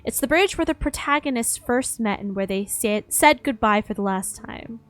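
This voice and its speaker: A slightly high-voiced young woman reads a game's story aloud at home, now and then breaking off into casual joking asides. Faint game music plays softly underneath her voice. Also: lively intonation, normal speed. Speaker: streamer.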